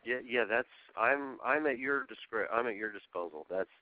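A man interviewing for a job over the phone, earnest and halting, often restarting his sentences. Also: medium pitch, expressive, no room sound. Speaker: job candidate. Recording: tinny phone line.

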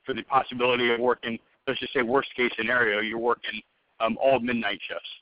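A man's voice: medium pitch, flat delivery, fairly quick, no room sound. Casting: man as hiring manager on a call, rambling and casual, dry close sound, slightly dull phone audio. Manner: loose, rambling, many fillers and restarts. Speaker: hiring manager interviewing a candidate. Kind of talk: phone job interview.

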